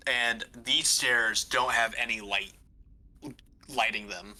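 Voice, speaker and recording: A man's voice: mid-range voice, fairly even intonation, slow, bright, forceful tone. A man running a tabletop game as game master, describing scenes in a loose, rambling way full of "like" and restarts.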